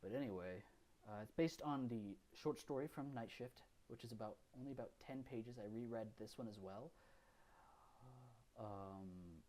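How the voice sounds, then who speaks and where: A man's voice: medium pitch, darkish tone. A man co-hosting a podcast, recapping films in casual, rambling chat full of fillers and restarts. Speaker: podcast co-host.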